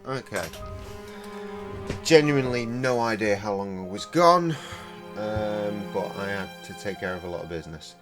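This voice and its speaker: A man's voice: on the low side, lively intonation, normal speed, music in the background. A man chatting and swearing casually while streaming a game and tending to his dogs. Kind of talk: casual live-stream commentary.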